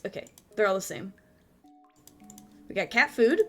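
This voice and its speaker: A woman's voice: medium pitch, lively intonation, unhurried, faint music behind. A woman playing a video game, casually reading the dialogue aloud and commenting with playful, giggly chatter. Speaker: gaming video host.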